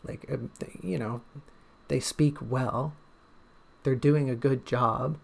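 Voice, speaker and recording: A man's voice: mid-range voice, steady tone, slow, creaky. A man, an author and streamer, chatting casually on a livestream in a rambling, joking, self-deprecating way.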